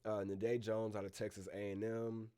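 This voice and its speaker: Laid-back man with a mellow low voice. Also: little pitch movement. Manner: slangy and rambling, calls listeners bro; reads down a list of names with filler pauses. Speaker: streamer hosting a live reaction. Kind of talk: casual live-stream commentary.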